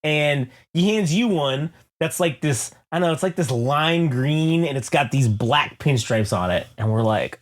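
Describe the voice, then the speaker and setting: A man co-hosting a podcast, telling a rambling, profane comic story in a casual, animated way. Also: fairly high pitch, moderate pace, hardly any pauses. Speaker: podcast co-host.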